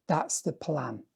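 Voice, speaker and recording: Hoarse, slow-talking man musing. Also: a little high. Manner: rambling, musing, often asks "yeah?". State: hoarse, voice going dry. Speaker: artist. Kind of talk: casual talk to camera.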